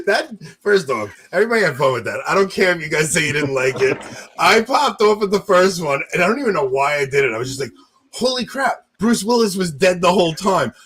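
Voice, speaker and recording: A man's voice: fairly high pitch, fast, slight background noise, poor audio. A man on a podcast telling funny stories in casual chat, joking and acting out what others said. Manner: joking, animated, acts out others' lines. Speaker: podcast co-host.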